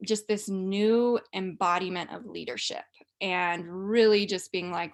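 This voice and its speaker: A young woman hosting a live business call, upbeat and chatty. Her pitch sits in an ordinary middle range, and she keeps the talk casual and enthusiastic with easy fillers. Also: fairly even intonation, unhurried. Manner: bubbly, enthusiastic, with frequent fillers and laughs. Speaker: host of a business mastermind call.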